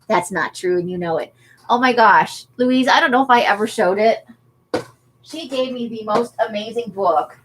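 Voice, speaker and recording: A woman's voice: a little high, moderate pace, a bit bright, a little hiss or hum. A woman chatting casually on a craft livestream, laughing often as she answers viewer comments. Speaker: livestream host.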